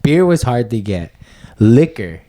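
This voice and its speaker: A man's voice: mid-range voice, sing-song, measured pace, warm tone, dry recording. A young man co-hosting a comedy podcast, telling stories in loose, rambling casual chat. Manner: rambling, loose, full of "bro" and "you know what I mean". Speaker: podcast co-host.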